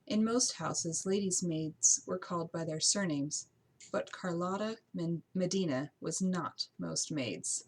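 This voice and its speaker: A woman narrating a novel as an amateur audiobook reading, steady with occasional slips and restarts. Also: lowish voice, unhurried, breathy edge, rough recording.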